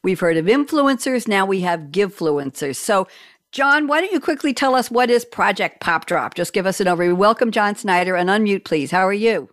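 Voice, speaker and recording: A woman's voice: mid-range voice, lively intonation, a little fast, dry recording, clean studio sound. Enthusiastic woman radio host. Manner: enthusiastic, effusive. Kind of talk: casual interview chat.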